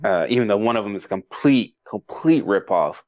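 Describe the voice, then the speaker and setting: A man's voice: lowish voice, animated, fairly quick, a little mellow, dry recording. A man co-hosting a casual movie review chat, rambling and emotional, laughing often and restarting his sentences. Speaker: podcast co-host. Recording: dull dry lo-fi sound.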